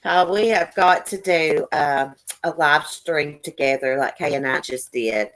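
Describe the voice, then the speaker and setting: A woman's voice: sits low, measured pace, a bit bright. A woman hosting a casual live stream, chatting folksily with her guest and viewers. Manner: chatty, folksy, addresses chat viewers by name.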